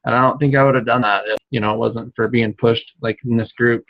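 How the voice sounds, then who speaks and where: A man sharing on a group video call, speaking hesitantly with many pauses and fillers. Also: medium pitch, fairly even intonation, gravelly, background noise. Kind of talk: casual sharing. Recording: dry, dull lo-fi call audio.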